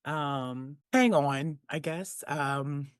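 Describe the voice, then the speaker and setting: A woman in her forties, a guest in a personal conversation, choked up and earnest, speaking haltingly with many restarts and fillers. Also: sits low, smooth, no room sound, clean studio sound. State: tearful, choked up. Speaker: interview guest.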